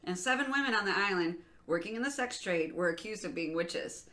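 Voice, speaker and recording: A woman's voice: mid-range voice, lively intonation, a little fast, pushed and bright. A woman co-hosting a podcast in casual chat, telling stories loosely with frequent laughs and casual swearing. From Michigan. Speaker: podcast co-host.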